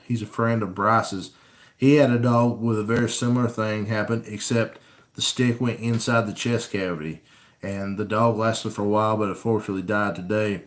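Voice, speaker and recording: Folksy man chatting on a live stream. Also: on the low side. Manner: casual, folksy, reads viewer comments aloud. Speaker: coon hunting channel host. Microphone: camera rig mic.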